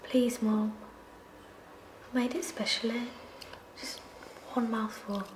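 An anxious teenage daughter with a high voice. There is noise behind her. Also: fairly even intonation, slow pace. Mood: pleading.

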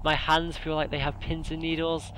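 A man's voice: on the high side, little pitch movement, normal speed. A young man hosting a let's play, panicky and out of breath, swearing and jumpy as he plays. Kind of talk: casual gaming commentary. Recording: noisy home recording.

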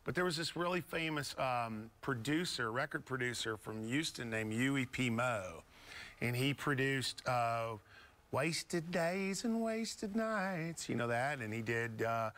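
A man's voice: mid-range voice, moderate pace, bright, forceful tone. A man from Beaumont, Texas, a guest musician telling stories in a studio interview, rambling and easygoing with many fillers. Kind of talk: casual storytelling interview.

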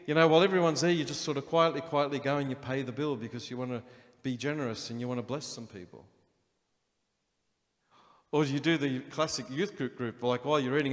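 A man preaching a sermon as pastor, animated and acting out the inner voices of his listeners. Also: mid-range voice. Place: church hall. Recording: long hall reverb.

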